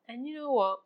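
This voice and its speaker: A woman's voice: high voice, muffled recording. A middle-aged woman, talking in a personal reflective monologue, emotional and open-hearted, with frequent laughs. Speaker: vlogger.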